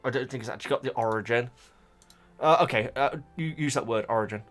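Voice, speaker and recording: A man's voice: mid-range voice, fast talker, fairly bright tone, soft background music. Stammering chatty man. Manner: rambling, stammers and repeats words while thinking aloud. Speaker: YouTube reaction host reading a book. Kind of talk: casual reading reaction chat.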